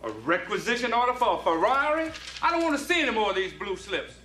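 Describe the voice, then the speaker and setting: A man's voice: sits high, sing-song, quick pace. A man playing an exasperated middle-aged police boss, scolding with incredulous questions. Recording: roomy old film clip with noise.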